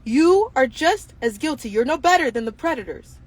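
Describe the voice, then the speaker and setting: A woman's voice: sits high, expressive, moderate pace. A woman hosting her own show, speaking in an impassioned monologue full of indignant rhetorical questions. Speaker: show host.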